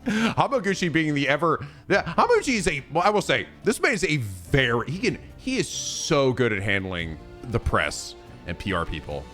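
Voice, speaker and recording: A man hosting a gaming video, reacting to news in a loose, profane, excitable way and laughing often. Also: fairly high pitch, moderate pace, faint music behind. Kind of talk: casual reaction commentary.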